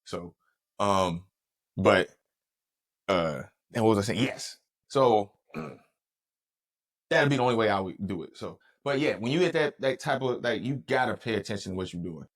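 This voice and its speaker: A man's voice: fairly low pitch, animated, measured pace, long pauses. A man co-hosting a podcast, talking in loose, slangy casual chat and acting out voices for fun. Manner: loose, slangy storytelling with playful voice impressions. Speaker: podcast co-host.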